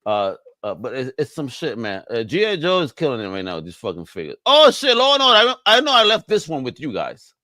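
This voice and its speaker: Animated man with a lively voice. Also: medium pitch, brisk, no echo. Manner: animated, profane, excitable. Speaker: podcast co-host. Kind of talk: casual chat.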